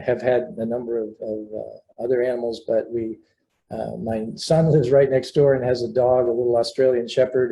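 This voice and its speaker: An older man, a research scientist and mentor, telling anecdotes at home in a relaxed, halting interview manner. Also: mid-range voice, poor audio. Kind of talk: casual storytelling interview.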